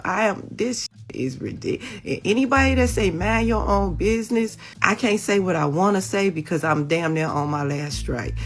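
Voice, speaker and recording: A woman's voice: on the low side, creaky, fairly bright tone. A woman with an early childhood education background speaking earnestly and heatedly. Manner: earnest, then heated and exasperated. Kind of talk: concerned commentary.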